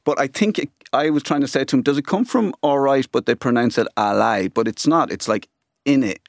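A middle-aged Irish man talks on a radio panel in a playful, rambling way, full of mock-serious asides. His voice sits at an ordinary pitch and sounds close and dry in the studio. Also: brisk, creaky, no echo. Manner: playful, rambling, tongue-in-cheek. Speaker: panel guest, writer and broadcaster.

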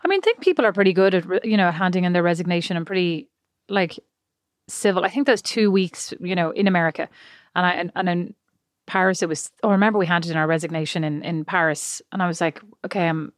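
Fast-talking woman, dry close mic. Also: on the low side, no room sound. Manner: chatty, rambling, laughs often. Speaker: podcast co-host. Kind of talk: casual chat.

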